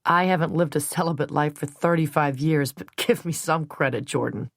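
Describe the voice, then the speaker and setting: A woman reading the part of a blunt, hot-tempered man in his thirties who speaks forcefully and sometimes with scorn. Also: sits low, moderate pace, no room sound, clean studio sound. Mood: calm, wry. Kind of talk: audiobook character reading.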